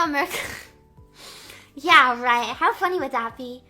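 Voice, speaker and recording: A woman livestreamer with a very high, bright and crisp voice chats casually, rambling and joking with plenty of "like" and "um". Faint music plays softly underneath her talk. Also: a little slow. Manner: rambling, full of "like" and "um"; playful, jokey. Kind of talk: casual chat.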